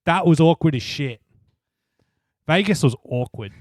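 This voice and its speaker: A man's voice: fairly high pitch, lively intonation, a little slow, dry recording, studio quality. A man co-hosting a casual motorsport podcast, blunt and opinionated, swearing as he argues. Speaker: podcast co-host. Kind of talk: casual sports chat.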